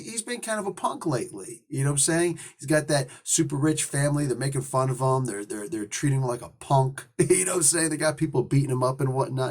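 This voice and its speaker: A man hosting a casual, slangy comic book review, excitable and laughing often. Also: mid-range voice, slightly rough.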